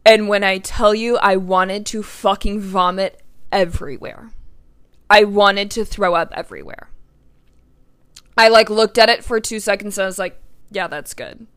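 A young adult woman hosts her own podcast and tells a story in a loose, chatty way. Her voice is bright and clear. She leans hard on her words, swears freely and fills her sentences with "like.". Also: mid-range voice, steady tone, normal speed. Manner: emphatic, swears often, lots of "like". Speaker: podcast host. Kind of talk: casual storytelling.

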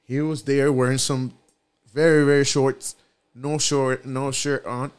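A man, a guest on a podcast, telling a story in relaxed casual chat and repeating his phrases. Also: medium pitch, a little slow, clean tone.

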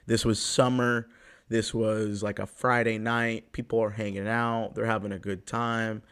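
A man in his twenties from the US Pacific Northwest, hosting a podcast and telling a personal story in a loose, profane way, with sudden jumps in pitch and loudness. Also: level tone, unhurried, clear, resonant tone. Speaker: podcast host. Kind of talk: casual storytelling monologue.

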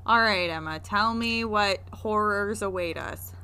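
A woman's voice: medium pitch, measured pace, pushed and bright, clean tone. A young woman co-hosting a casual podcast from her desk at home, teasing with dry, grumpy humor. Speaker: podcast co-host. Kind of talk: casual chat. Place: home desk chair, video call. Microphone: close podcast mic.

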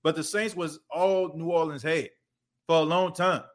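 A man's voice: a little high, fairly even intonation, moderate pace. Chatty man hosting a sports podcast. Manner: loose and conversational, leaning on filler phrases. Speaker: podcast host. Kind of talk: casual sports podcast monologue.

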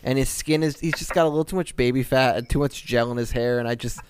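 A man's voice: mid-range voice, fast, smooth. A man co-hosting a casual podcast chat, wry and full of probing questions. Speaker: podcast co-host.

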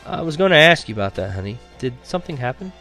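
A man voicing a fussy, worried suburban mother in a high, fluttery, polite voice. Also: big pitch swings, quick pace, bright, forceful tone, faint music behind. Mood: fretting.

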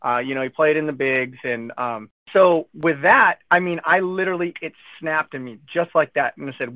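A man's voice: on the high side, normal speed, few pauses, no room sound. A man recounting his cancer diagnosis in casual conversation, acting out what friends and doctors said to him. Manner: animated retelling, acting out quotes of others. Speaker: guest telling his cancer story. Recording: tinny phone-line sound.

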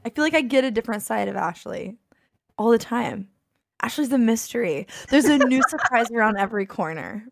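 A woman's voice: on the high side, expressive, a little fast, creaky, no room sound. A woman co-hosting a podcast in a bubbly casual chat, often breaking into laughter. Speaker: podcast co-host.

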